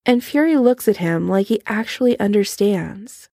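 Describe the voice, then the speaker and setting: Woman narrator, gravelly voice, dry close sound, measured storytelling. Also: mid-range voice, lively intonation, warm tone, dry recording. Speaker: audiobook narrator. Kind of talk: fan fiction audiobook narration.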